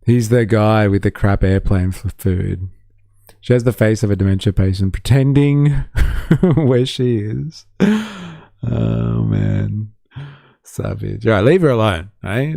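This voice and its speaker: Australian man, gravelly low voice, dry close sound, sardonic stream commentary. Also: sing-song, slow, dark tone, dry recording. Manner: sardonic, swearing, reads chat aloud. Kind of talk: casual live-stream commentary.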